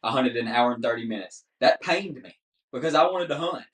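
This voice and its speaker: Man, 30s, lively podcast guest, mid-pitch, recorded off-mic in an echoey room. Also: fairly quick. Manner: animated, laughs often, says "dude" a lot. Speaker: guest hunter. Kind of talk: casual storytelling on a podcast. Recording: roomy, distant mic.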